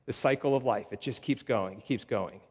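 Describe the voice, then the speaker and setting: A man's voice: mid-range voice, brisk, darkish tone. Man preaching in a reverberant hall. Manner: explanatory, thinks aloud, rising emphasis on key words. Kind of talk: teaching sermon.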